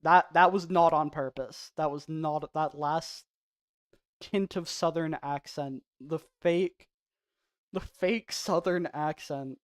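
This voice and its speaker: A man's voice: a little high, fairly even intonation, takes it slowly, dry recording. Rambling, self-mocking male game streamer. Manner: soft-spoken off stream. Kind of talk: casual livestream chat.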